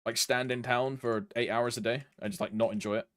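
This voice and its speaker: A man's voice: medium pitch, fairly even intonation, fairly quick, fairly bright tone, no room sound. A young man from Britain chatting casually with his live-stream chat, rambling and humming between lines. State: allergies flaring up.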